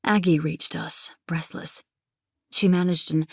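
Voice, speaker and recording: Low, gravelly woman narrating a novel. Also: level tone, no echo, clean studio sound. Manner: measured, intimate first-person reading. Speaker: audiobook narrator.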